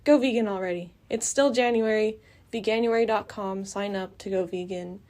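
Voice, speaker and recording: Outdoors by a building, a young woman hosting a podcast talks at a moderate pace in a medium-pitched, darkish voice. Her casual monologue is blunt, passionate, and rambling, full of filler words.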